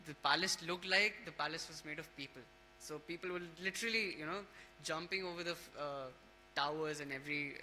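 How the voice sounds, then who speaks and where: Bright-voiced man telling a scripture story. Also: fairly high pitch, a little hiss or hum, rough recording. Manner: storytelling with many restarts and fillers. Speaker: speaker at a temple class.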